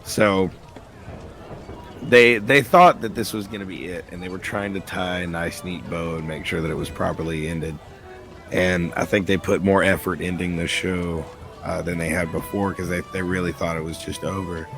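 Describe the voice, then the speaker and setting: A man with a fairly low voice rambles happily about his favourite cartoon, dropping casual swears as he goes. Music plays clearly behind him. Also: normal speed. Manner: rambling, excitable, swears casually, quotes scenes in put-on voices. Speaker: podcast host.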